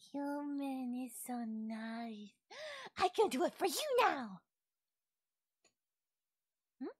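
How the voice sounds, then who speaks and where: A naive young wolf-girl, voiced by a woman in an ASMR audio role-play, asking question after question. Her voice sits high and swoops up and down, and she takes her time with every word. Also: slightly rough, no echo, clean studio sound, full character voice. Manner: wondering, questioning, innocent. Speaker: voice actress.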